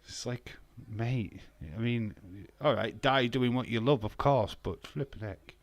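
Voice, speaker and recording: A man's voice: medium pitch, unhurried, no echo. Chatty guy on a live stream. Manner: chatty and self-mocking, laughs often. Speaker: streamer hosting a wrestling watch-along. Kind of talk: casual live-stream chat with viewers.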